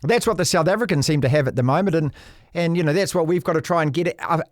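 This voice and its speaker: A man's voice: on the high side, fast talker, dry recording, clean studio sound. A middle-aged man hosting a casual chat, agreeable and chatty, talking through restarts. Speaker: podcast host.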